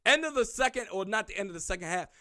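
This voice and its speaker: A man hosting a sports podcast, ranting sarcastically about rival fans and referee calls, now and then shouting. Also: high voice, expressive, quick pace, no room sound, clean studio sound.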